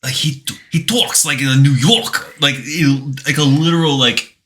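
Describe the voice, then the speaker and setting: A man's voice: a little high, moderate pace. A man co-hosting a podcast in casual, joking chat, filling his talk with "like" and "uh" as he explains a video game. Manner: animated, joking, many fillers. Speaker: podcast co-host.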